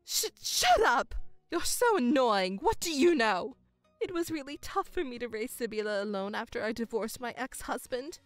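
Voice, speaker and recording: A woman's voice: a little high, animated, moderate pace, no room sound, faint music behind, lightly acted. A woman voicing a self-pitying, controlling middle-aged mother who whines and stammers in outbursts, in a dramatized story. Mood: angry.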